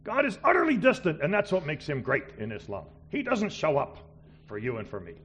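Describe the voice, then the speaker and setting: A middle-aged man preaching a missionary sermon, swinging between loud exclamations and quiet asides. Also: a little high, huge pitch swings, fairly quick, a little hiss or hum.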